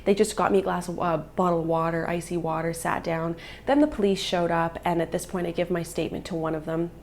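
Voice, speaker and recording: A woman's voice: lowish voice, fairly even intonation, quick pace, a little mellow, a little hiss or hum. A woman in her thirties, a vlogger and mother, telling a personal story in an earnest, emotional way.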